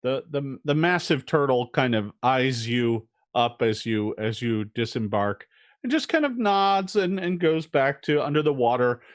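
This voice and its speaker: A man's voice: medium pitch, expressive, no room sound, clean studio sound. A man narrating a tabletop game as game master, describing scenes with frequent fillers and restarts. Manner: descriptive, halting with many fillers.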